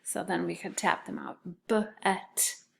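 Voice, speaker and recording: A woman teaching a recorded phonics lesson to second graders, sounding words out syllable by syllable in a clear, deliberate way. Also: mid-range voice.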